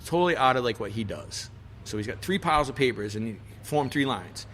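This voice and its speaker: A man telling a story on a podcast in a lively, loose way, full of swearing and fillers, his voice sitting at a middle pitch. He leans into the voices of the people he quotes, and there is a faint hiss of noise behind him. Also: brisk. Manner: animated, profane storytelling with many fillers. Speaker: chef, podcast guest. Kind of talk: casual storytelling interview.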